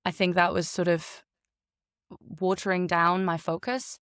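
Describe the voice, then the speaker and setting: A woman voice actor, by birth, talking in a chatty, animated way in a casual interview. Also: fairly low pitch, measured pace, no room sound, clean studio sound. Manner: chatty and animated, laughs often. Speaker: voice actor guest.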